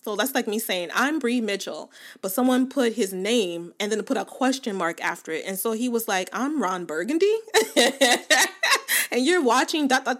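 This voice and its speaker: A woman hosting a podcast in casual chat with her listeners, chatty and emphatic, often laughing and repeating her points for weight. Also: mid-range voice. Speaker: podcast host.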